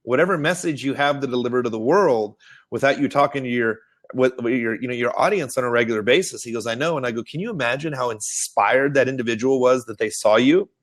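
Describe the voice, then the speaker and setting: A man hosting a marketing webinar, telling stories in a lively, animated way and acting out the people he quotes. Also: fast. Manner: animated storyteller, acts out quotes in high excited voices. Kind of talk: casual webinar talk. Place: Austin.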